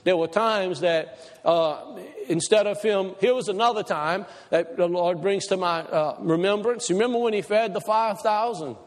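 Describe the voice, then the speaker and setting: High-voiced preacher in reverberant hall. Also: male voice, moderate pace, few pauses. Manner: asks the congregation questions. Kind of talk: sermon.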